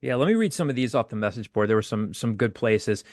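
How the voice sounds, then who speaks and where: A man's voice: fairly low pitch, animated, quick pace, a little mellow, no echo, studio quality. A man hosting a casual podcast chat, reading out listener posts and bantering with his co-hosts. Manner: reads listener posts aloud, chatty. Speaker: podcast host.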